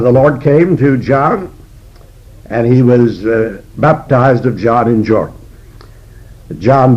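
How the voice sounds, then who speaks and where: An older man preaching an expository sermon as a Bible teacher, slow and deliberate with frequent pauses. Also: on the low side, husky. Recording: dull lo-fi recording.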